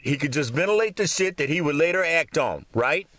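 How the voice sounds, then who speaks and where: A man's voice: on the high side, expressive, brisk, fairly bright tone. A man ranting to his viewers from a cold room at home, swearing constantly and rambling in a heated monologue. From Michigan. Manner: profane, swearing heavily, rambling. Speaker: vlogger.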